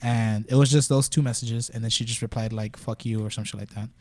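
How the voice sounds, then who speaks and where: Fast-talking young man telling a story. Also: mid-range voice, fairly even intonation, darkish tone, no room sound. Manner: profane, rambling storytelling with many fillers. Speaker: podcast guest. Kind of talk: casual chat.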